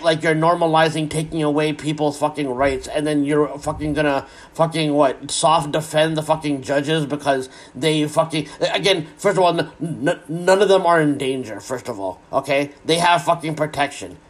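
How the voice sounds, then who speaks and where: A man in an angry, heavily profane solo rant. He is sarcastic and keeps repeating words as he restarts his sentences. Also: on the high side.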